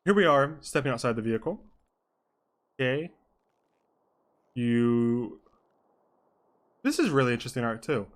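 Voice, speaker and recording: A young man streaming live, narrating a role-play scene in a casual way. He keeps drifting into off-the-cuff asides, and his voice sits at a mid pitch. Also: animated, measured pace, pauses often. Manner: rambling asides, mixes narration with chat comments.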